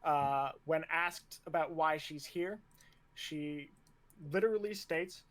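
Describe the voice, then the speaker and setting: Male game master, slow unhurried narration, casual and stop-start. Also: fairly high pitch, fairly bright tone.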